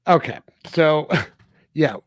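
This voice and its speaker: A man's voice: on the high side, drawn-out words, dry recording, studio quality. A man co-hosting a podcast, casually recapping a film scene by scene with quoted asides. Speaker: podcast co-host. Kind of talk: casual film review chat.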